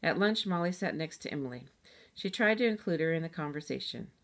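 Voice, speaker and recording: A woman reads a children's chapter book aloud in a steady, gentle storytelling manner. Her voice sits a little low. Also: fairly quick. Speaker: storybook reader.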